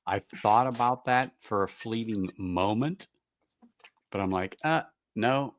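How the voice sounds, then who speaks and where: Relaxed low-voiced man hosting. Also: measured pace. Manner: relaxed, stumbling restarts. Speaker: live stream host. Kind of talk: casual chat over whiskey tasting. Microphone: video call.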